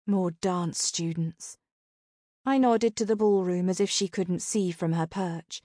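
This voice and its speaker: A woman narrating a first-person novel in a deadpan way, including the narrator's own lines. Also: on the low side, a little slow, no room sound, clean studio sound. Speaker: audiobook narrator.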